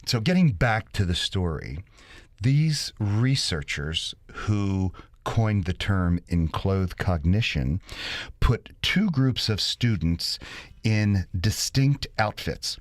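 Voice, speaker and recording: Low-voiced male radio co-host. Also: lively intonation, slow pace, no echo. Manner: rambling, retells a study loosely. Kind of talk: casual radio chat.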